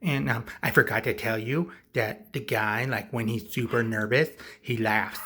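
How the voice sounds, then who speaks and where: A man's voice: mid-range voice, normal speed, bright, forceful tone, a little hiss or hum. A man rambling casually through a comic movie recap, offhand and full of fillers. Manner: rambling, offhand, lots of likes and ums.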